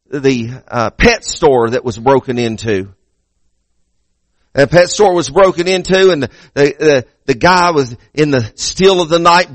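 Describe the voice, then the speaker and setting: A man's voice: fairly high pitch, a bit bright, dry recording. A male pastor preaching a sermon in a church, emphatic, repeating words as he restarts and building to raised peaks.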